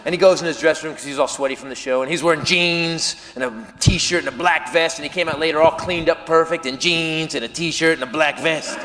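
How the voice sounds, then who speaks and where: Man, stand-up comedian, high voice, self-mocking storytelling, live room with a long echo. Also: a little fast, hardly any pauses. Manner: animated, self-mocking, jumps into acted quotes. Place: comedy venue with live audience. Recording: live room with reverb and audience noise.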